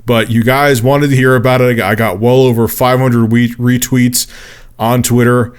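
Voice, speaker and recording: A man in his thirties tells a personal story straight to camera. His voice sits at a middling pitch, and he swears a lot and gets animated while spinning the tale. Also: moderate pace, clean tone. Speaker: vlogger.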